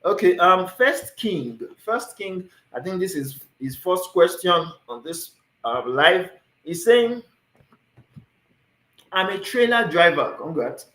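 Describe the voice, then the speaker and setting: Lively Nigerian man answering viewers live. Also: sits high, slow, roomy sound, poor audio. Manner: lively, repeats "you understand?", mixes in pidgin. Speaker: immigration consultant, livestream host. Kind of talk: livestream Q&A, reading viewer questions.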